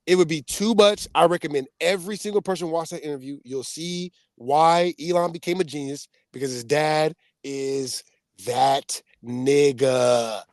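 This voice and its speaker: A man talking casually on a podcast, his voice sitting a little high and jumping far higher when he gets excited. He tells stories in an animated way and laughs often. The sound is dry and close, with no room around him. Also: unhurried, no room sound. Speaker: podcast co-host. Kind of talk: casual chat.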